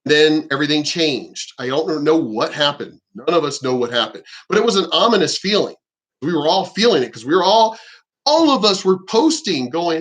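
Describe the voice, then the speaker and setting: A man with a voice pitched a little above the usual for men talks in a loose, rambling monologue. He is emphatic and swears freely as he goes. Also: expressive, moderate pace, fairly bright tone. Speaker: vlogger. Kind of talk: casual monologue.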